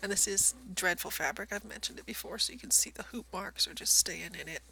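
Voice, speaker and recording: A woman chatting casually as she shows her cross stitch progress. She is self-deprecating and often drops into soft near-whispers. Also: mid-range voice, a little fast, creaky, breathy edge, poor audio. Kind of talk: casual show-and-tell narration.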